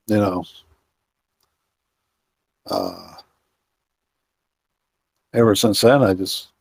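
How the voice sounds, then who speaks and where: A man's voice: on the low side, a little mellow, dry recording. A middle-aged man, a guest on an interview, telling a long outdoor story in a rambling way full of fillers and restarts. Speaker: guest, outdoorsman and Bigfoot researcher.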